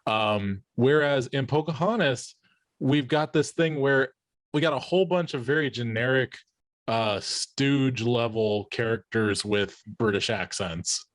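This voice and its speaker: A man's voice: mid-range voice, a little slow, no room sound. A man hosting a podcast in casual chat, rambling with frequent restarts and fillers. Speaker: podcast host.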